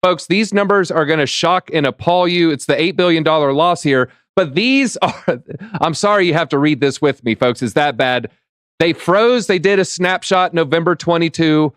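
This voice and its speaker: A man hosting a live crypto talk show, upbeat and reading out chat shout-outs. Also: on the high side, no room sound, clean studio sound. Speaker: show host.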